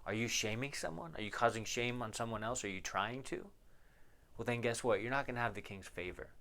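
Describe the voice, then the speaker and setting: With a mid-range, fairly bright voice touched by vocal fry, a pastor speaks a little fast as he teaches a Bible passage verse by verse. He reads each verse aloud, follows with an explanation, and asks his listeners rhetorical questions.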